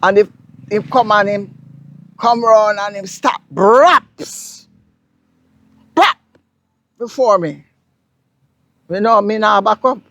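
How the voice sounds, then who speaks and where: A woman from Jamaica with a Jamaican accent, a guest explaining local words in a casual interview, telling stories in an animated, emphatic way. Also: medium pitch, unhurried, long pauses, dry recording. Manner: animated storyteller, lively and emphatic.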